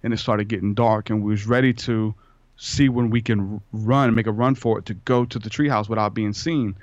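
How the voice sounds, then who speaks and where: A man's voice: on the low side, steady tone, fairly quick, darkish tone, no echo. A man, a podcast guest, telling a rambling personal story in a casual way and acting out the dialogue. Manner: rambling, acts out quoted dialogue. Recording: dull lo-fi sound.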